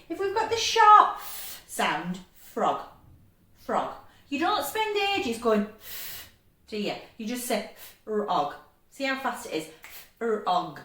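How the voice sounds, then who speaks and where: Teacher lady doing phonics for little kids, drags the sounds out, kinda echoey. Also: on the high side. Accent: English. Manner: bright and encouraging, stretches sounds out slowly. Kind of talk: phonics lesson for young children.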